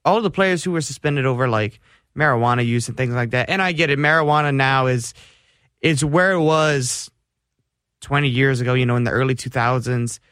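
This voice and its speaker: A man's voice: mid-range voice, fairly quick, fairly bright tone, smooth, no echo, clean studio sound. A man co-hosting a sports radio show, airing heated, exasperated opinions. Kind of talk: casual sports talk.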